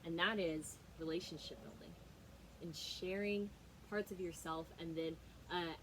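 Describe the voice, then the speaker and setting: A woman's voice: fairly low pitch, darkish tone, a little hiss or hum, rough recording. A young adult woman, a leadership trainer, giving an emphatic motivational talk with stories and frequent fillers.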